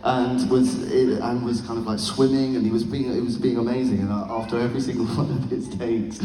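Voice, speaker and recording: A man, an actor on a convention panel, telling an amused anecdote with many halting restarts. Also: medium pitch, steady tone, mellow, soft background music. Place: large convention hall. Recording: echoey hall, distant mic, faint noise.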